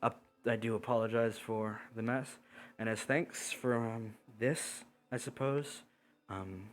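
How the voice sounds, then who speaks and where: A man's voice: lowish voice, fairly even intonation, slow. A man playing a courteous bandit lord. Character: calm, courteous male bandit lord swordsman.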